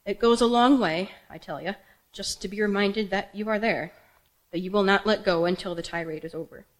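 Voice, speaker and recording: A woman's voice: mid-range voice, a little fast, poor audio. A young woman, a writer, performing her own raw and intense personal story live on a theater stage. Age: young adult. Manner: raw, intense, emotional delivery.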